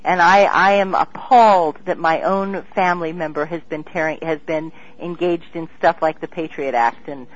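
A woman guest in an interview, talking in an excitable, rambling way with many restarts. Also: low-pitched, normal speed, few pauses. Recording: dull lo-fi radio sound.

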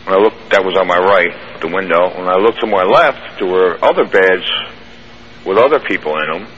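A man's voice: sits low, moderate pace. A man telling a long first-person story in a plainspoken, rambling way, with restarts. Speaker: guest caller recounting an experience. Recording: muffled radio broadcast with faint hiss.

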